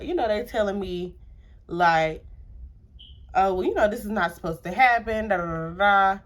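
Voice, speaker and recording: A young adult woman casually telling a personal story to camera, chatty, repeating herself and using many filler words. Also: lowish voice. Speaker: storytime vlogger.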